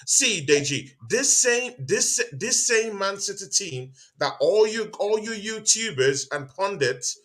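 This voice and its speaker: Man, show host, heated football debate, argumentative, repetitive, bright forceful voice. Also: high-pitched, expressive, slow, few pauses. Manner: argumentative, keeps repeating "see, Deji".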